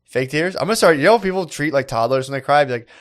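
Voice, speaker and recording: A man's voice: fairly high pitch, lively intonation, quick pace. A man co-hosting a comedy podcast, laid-back and agreeable, with crude jokes and stories. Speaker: podcast co-host. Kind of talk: casual comedy podcast banter.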